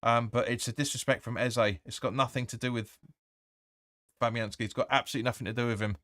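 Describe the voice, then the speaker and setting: Male fan host, opinionated live match commentary, average pitch, dry close-miked sound. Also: fairly even intonation, fast talker, fairly bright tone, no echo. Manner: blunt and opinionated, swears, reads viewer comments aloud.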